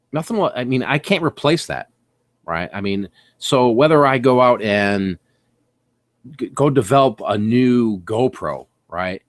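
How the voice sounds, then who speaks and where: A middle-aged man hosting a casual livestream, telling excited stories with laughter and acted-out reactions. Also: medium pitch, no echo. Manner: laughs often, swears casually. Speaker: livestream host.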